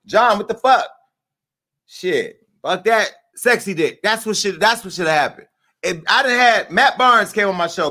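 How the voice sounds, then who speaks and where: A high-pitched man with a bright, sharp edge to his voice holds forth as a show host. He rambles from one bawdy joke to the next in a loose, unscripted monologue. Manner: bawdy, rambling, joking asides. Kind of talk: casual crude comedic monologue.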